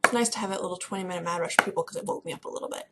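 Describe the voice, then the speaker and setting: A young woman from Kentucky chatting casually to camera in a vlog, excitable and rambling. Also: medium pitch, very fast, very noisy. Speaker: vlogger. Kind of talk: casual chat.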